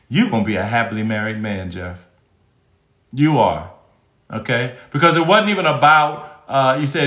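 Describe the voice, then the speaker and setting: Man, relationship coach, live stream, animated pitch, repeats key phrases, echoey room. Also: normal speed. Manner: emphatic, repeats key phrases, frequent restarts. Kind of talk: live-stream teaching, reading chat comments. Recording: roomy, slightly dull sound.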